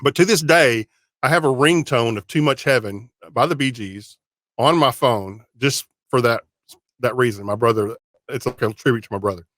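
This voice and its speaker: An easygoing man hosts a casual podcast interview, circling back over his words as he speaks. His voice sits at a middle pitch, and the recording is dry and close, with no room sound. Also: moderate pace, fairly bright tone, dry recording. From Texas. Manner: easygoing, repeats himself while talking. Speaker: podcast host.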